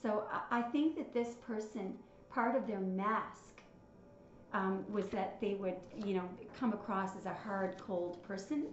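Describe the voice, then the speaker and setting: A woman's voice: medium pitch, measured pace, a little hiss or hum. A woman giving a tarot reading, counting out cards and musing aloud as she reads their messages with feeling. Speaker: tarot reader. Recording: slightly dull, roomy sound with soft music. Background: soft background music.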